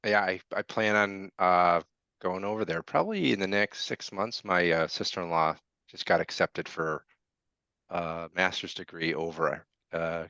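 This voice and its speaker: A man's voice: sits low, measured pace, creaky, bright, forceful tone, clear, resonant tone, dry recording. A man hosting a podcast, talking in a loose, casual way with many fillers. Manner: loose, hesitant, many fillers and restarts, laughs easily. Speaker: podcast host. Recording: dry, slightly dull sound.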